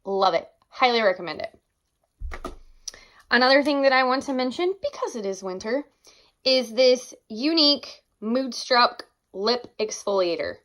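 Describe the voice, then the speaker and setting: A woman's voice: on the high side, animated, unhurried, fairly bright tone. A young woman in a casual vlog, gushing enthusiastically over her favorite makeup products and exclaiming often. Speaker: beauty vlogger.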